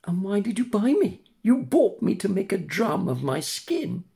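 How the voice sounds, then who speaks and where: A man's voice: sits high, big pitch swings, a little slow, vocal fry, warm tone, pitched above the performer's own voice, heavily acted. Older man doing a cheeky puppet boy. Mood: storytelling. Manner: mischievous, sing-song. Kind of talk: storybook reading.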